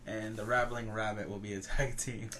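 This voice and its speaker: A young man co-hosting a podcast, telling stories in relaxed, casual banter. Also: on the low side, normal speed, slight background noise. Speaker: podcast co-host.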